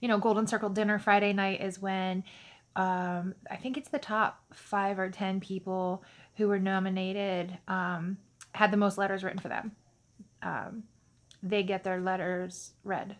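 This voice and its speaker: Woman, casual storyteller to camera, chatty and animated, lots of fillers. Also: medium pitch, a little slow. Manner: chatty, animated, many fillers and acted-out dialogue.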